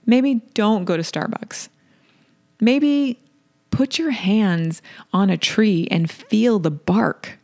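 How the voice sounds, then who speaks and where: Slow, gravelly-voiced woman podcast host. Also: medium pitch, a little mellow. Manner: slow, deliberate, affirming, repeats key phrases. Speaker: podcast host and wellness coach. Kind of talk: solo podcast monologue.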